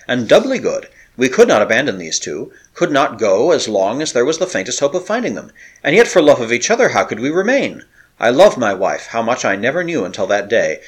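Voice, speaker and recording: A man narrates an old adventure novel for an audiobook, and his husky voice keeps the telling vivid. His pitch swings widely with the suspense, always dramatic and expressive.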